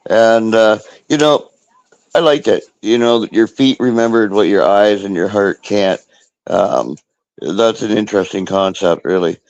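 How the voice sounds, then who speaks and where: A man hosting an online poetry show, giving relaxed, rambling feedback with lots of fillers. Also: on the low side, unhurried, dry recording, lo-fi sound. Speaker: show host. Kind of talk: casual chat about poetry.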